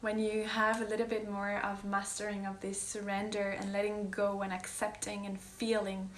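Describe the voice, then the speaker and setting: A woman's voice: medium pitch, monotone, moderate pace, echoey room, a little hiss or hum. A woman coach talking earnestly in a casual heartfelt monologue, pressing her points and sometimes sinking to a whisper. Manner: earnest, emphatic, drops to whispers. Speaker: wellness coach.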